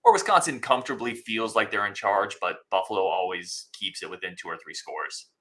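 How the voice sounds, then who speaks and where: A man's voice: fairly low pitch, brisk, fairly bright tone. A man hosting a sports podcast interview over a video call, upbeat and encouraging toward his guest. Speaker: podcast host.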